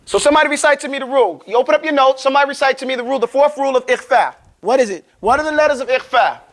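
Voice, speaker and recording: Casual teacher, very high voice, drills recitation in class. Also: male voice, fairly bright tone. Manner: casual, joking, quizzes students, models words slowly.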